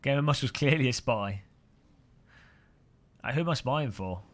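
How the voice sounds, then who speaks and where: A man's voice: medium pitch, animated, moderate pace. A man streaming sim racing, chatting and joking with viewers and often laughing. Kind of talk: casual live-stream commentary while sim racing.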